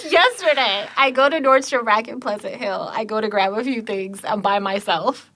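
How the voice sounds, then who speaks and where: A woman telling a story in casual podcast chat, swearing constantly and acting out the other people's lines. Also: normal speed. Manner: animated, swears constantly, acts out quotes with big pitch jumps.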